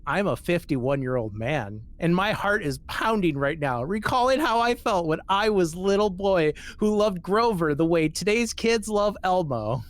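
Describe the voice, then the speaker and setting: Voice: mid-range voice, expressive, moderate pace, few pauses. A podcast host reading a social media post aloud and mocking it, swearing casually and laughing between lines.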